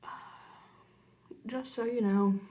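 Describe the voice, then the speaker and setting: A young woman chatting casually through a makeup tutorial, rambling into side stories and muttering quietly while she works. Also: a little high, fairly even intonation, slow pace. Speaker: makeup vlogger.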